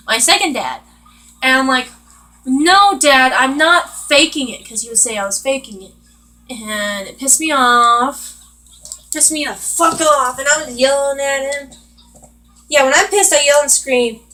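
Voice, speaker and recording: A woman's voice: on the high side, bright, forceful tone, rough recording. A young woman venting in rambling, frustrated casual chat while she plays a video game. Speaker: vlogger.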